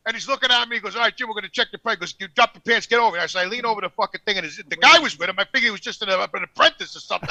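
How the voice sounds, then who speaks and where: A man's voice: extremely high pitch, creaky, a little hiss or hum. An older man telling long, rambling, profane stories in casual podcast chat. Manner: loud, profane, rambling anecdotes. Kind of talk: casual storytelling.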